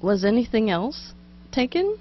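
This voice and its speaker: A woman reading out the lines of a calm, polite emergency dispatcher in an even, measured way. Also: fairly high pitch, highs cut off, a little hiss or hum.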